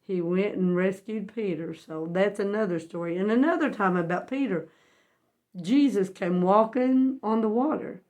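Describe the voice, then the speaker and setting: A woman of middling pitch teaching a Bible lesson through folksy storytelling. She speaks earnestly and stresses key points, and she keeps turning to her listeners with questions about what comes next. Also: normal speed, a little mellow.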